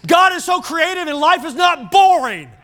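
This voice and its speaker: A middle-aged man preaching a sermon to his church, telling animated stories and often repeating words as he starts a line. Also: very high voice, moderate pace. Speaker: pastor.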